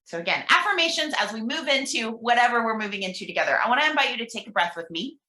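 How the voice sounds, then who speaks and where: Bright-voiced woman minister leading meditation. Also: on the high side, very animated. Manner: gentle, slow and deliberate when reading affirmations aloud. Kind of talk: guided meditation. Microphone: video call. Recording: roomy echo.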